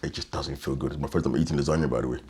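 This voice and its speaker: Very deep-voiced man, halting. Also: fairly even intonation, breathy edge. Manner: halting, repeats words, often quiet and subdued. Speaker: interview guest. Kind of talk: emotional personal storytelling.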